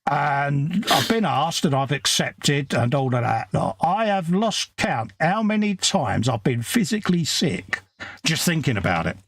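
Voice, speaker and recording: A man's voice: on the high side, very animated, a little slow, fairly bright tone, no echo. A middle-aged English man co-hosting a casual live stream, a blunt storyteller who acts out the exchanges he quotes. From England. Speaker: co-host.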